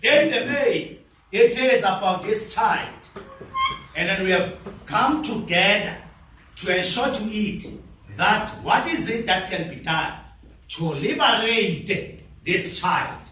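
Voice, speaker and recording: A man giving an impassioned speech at a training event. He speaks in an oratorical way, repeating phrases with long dramatic pauses. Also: high voice, expressive, sharp tone, slight background noise. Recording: echoey hall from far off.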